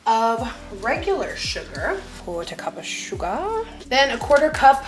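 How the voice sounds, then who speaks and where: A woman's voice: high voice, very animated, unhurried. A young woman in her twenties chatting casually through a home cooking vlog, bubbly, giggly and poking fun at herself. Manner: bubbly, giggly and self-mocking. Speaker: lifestyle vlogger. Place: home kitchen. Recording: echoey kitchen with music underneath.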